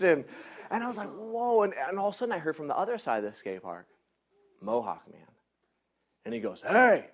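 A man preaching by telling a personal story, animated, laughing often and acting out the people in it. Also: sits high, moderate pace. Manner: animated, laughs often, acts out others in quotes. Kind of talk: storytelling sermon.

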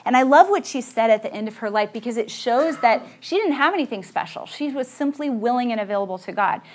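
An earnest woman delivers a sermon with a fairly high voice. She is emphatic and keeps asking her listeners direct questions. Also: expressive, quick pace, slight background noise. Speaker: speaker at a Christian gathering.

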